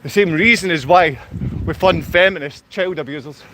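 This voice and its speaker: A man's voice: fairly high pitch, normal speed, fairly bright tone, a little hiss or hum. A man ranting angrily on a livestream, berating and confronting his viewers in blunt, repetitive bursts. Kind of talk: angry livestream rant.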